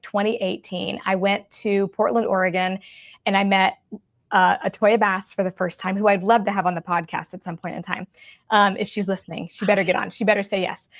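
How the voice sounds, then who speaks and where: A woman's voice: medium pitch, brisk, no room sound, clean studio sound. Chatty woman podcast host. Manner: chatty, warm-hearted, lots of fillers and asides. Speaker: podcast co-host, curly hair expert. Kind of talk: casual podcast chat.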